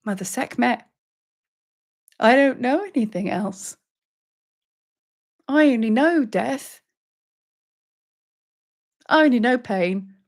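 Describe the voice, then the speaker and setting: A woman's voice: lowish voice, husky. A woman voicing a frightened, despairing seeker who pleads anxiously, inside a guided meditation.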